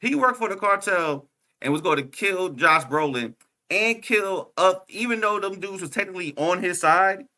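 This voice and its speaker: A young man co-hosting a casual podcast chat, excitable and slangy, laughing often and saying "bruh" a lot. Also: high voice, moderate pace. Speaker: podcast co-host.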